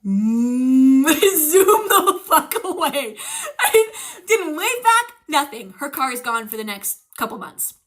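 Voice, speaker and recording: A young woman streamer casually telling a ghost story, animated and swearing, acting out the quotes. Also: sits high, takes it slowly.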